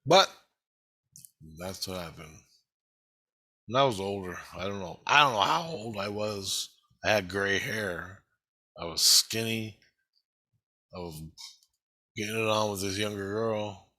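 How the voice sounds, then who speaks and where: A man's voice: fairly low pitch, unhurried, long pauses, sharp tone. A man talking in a rambling personal video monologue, heated and heavily profane. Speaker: vlogger.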